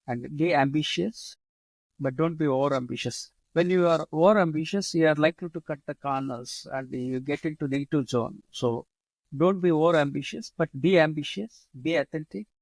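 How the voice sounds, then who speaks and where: A man with an Indian English accent, a guest speaking spontaneously in an interview, repeating his motto and pausing often with fillers. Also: fairly high pitch, no room sound, low-quality recording. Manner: repeats his slogans, halting with many fillers. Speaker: guest, leadership author.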